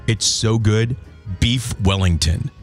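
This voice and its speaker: A man's voice: lowish voice, slow pace, soft background music. Joking man hosting a radio show. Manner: joking, food-loving, playfully mangles words. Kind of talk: casual on-air banter.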